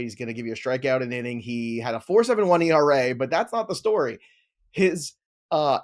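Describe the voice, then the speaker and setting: A man hosting a fantasy baseball chat, enthusiastic and opinionated as he argues for his picks. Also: mid-range voice. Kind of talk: casual analytical chat.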